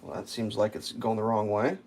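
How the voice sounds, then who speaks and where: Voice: medium pitch, fairly even intonation, a little fast, creaky, noisy background. A person around forty ranting sarcastically and swearing in casual rambling chat while cooking on a livestream. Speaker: livestream host.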